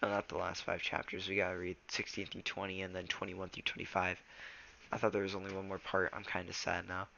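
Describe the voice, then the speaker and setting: A man's voice: sits low, completely flat delivery, fairly quick, creaky, bright, forceful tone, dull audio, a little hiss or hum. A teenage boy reading a novel aloud and then chatting casually, stumbling over words and restarting them. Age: teens. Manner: loose, rambling chat with fillers. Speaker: reader.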